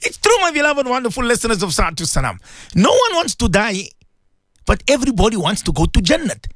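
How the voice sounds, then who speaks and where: A man's voice: very high-pitched, a little fast, no echo, clean studio sound. A man hosting a call-in religious radio talk show, speaking emotionally and repeating himself as he preaches. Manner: emotional, animated, repetitive preaching. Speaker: radio host and religious teacher.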